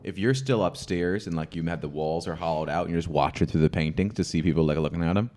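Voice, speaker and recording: A young man co-hosting a casual podcast chat, joking and swearing in animated riffs. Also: low voice, quick pace. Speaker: podcast co-host.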